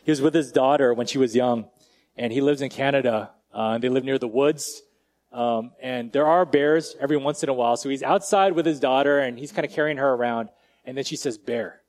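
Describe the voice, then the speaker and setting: A male pastor preaching a conversational sermon, casual and direct, who often drops to a quiet, slow emphasis. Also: mid-range voice.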